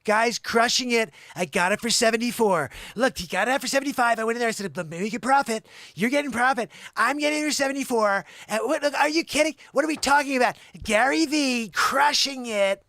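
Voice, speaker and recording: A man putting on a loud, boastful hustling reseller who hard-sells and gloats. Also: extremely high pitch, fairly quick, hardly any pauses, dry recording, voice pushed up, full character voice. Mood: boasting. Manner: boastful, shouting, hard-selling. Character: brash loud hustling male bargain reseller.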